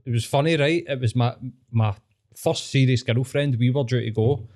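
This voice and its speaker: A man's voice: medium pitch, normal speed, a little mellow. A man with a Scottish accent, hosting a podcast and telling rambling, sweary stories in casual chat. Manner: sweary, rambling storyteller who laughs often. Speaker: podcast host.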